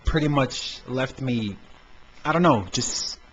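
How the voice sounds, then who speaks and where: A man's voice: mid-range voice, slow pace. Guy rambling about a movie, lots of uh and um, muffled lo-fi recording, faint hiss. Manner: hesitant, stammering, lots of fillers. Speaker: podcast host. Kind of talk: casual film review chat. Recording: dull lo-fi amateur podcast recording with faint noise.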